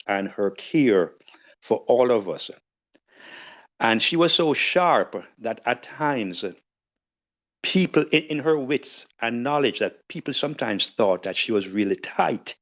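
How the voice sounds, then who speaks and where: An older man giving a formal tribute in a measured, elaborate way. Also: medium pitch. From Jamaica. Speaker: podcast guest. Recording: dull lo-fi audio.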